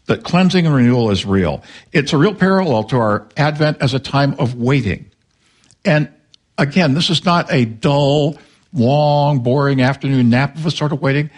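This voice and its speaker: An older male pastor preaching a sermon in a conversational way, with quick asides and acted-out dialogue. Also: fairly high pitch.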